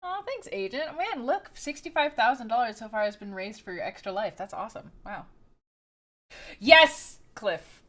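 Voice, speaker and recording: A woman's voice: a little high, expressive, measured pace, fairly bright tone. A woman livestreamer chatting casually and greeting her viewers by name, giggling often.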